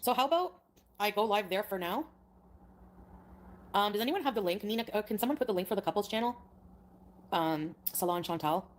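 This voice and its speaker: A woman's voice: medium pitch, lively intonation, a little fast, long pauses, slight background noise. A woman streaming live, chatting hesitantly and rambling as she reads out her chat.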